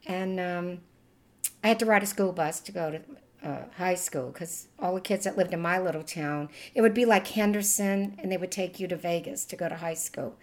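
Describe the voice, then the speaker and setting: A woman's voice: lowish voice, normal speed. Older Louisiana woman with a Cajun accent, chatty interviewee who laughs often. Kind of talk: oral history reminiscing.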